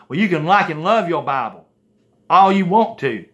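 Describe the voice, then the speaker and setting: A man's voice: fairly high pitch, lively intonation, normal speed, a bit bright. A man preaching to a video audience in an impassioned, emphatic way. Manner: impassioned, emphatic, repeatedly saying "folks, listen".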